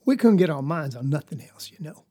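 Speaking in a low, mellow, husky voice with big pitch swings and a brisk pace, a woman with a Southern US accent gives a dramatic monologue in full character voice. She plays a young farm girl, earnestly telling a story in a rambling, folksy, confiding way.

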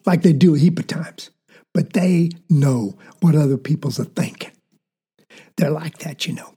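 A woman's voice: fairly low pitch, dark tone, slightly rough. A woman with a Southern accent performing a dramatic monologue as a child, telling a tale in a folksy drawl. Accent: Southern American. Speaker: storyteller.

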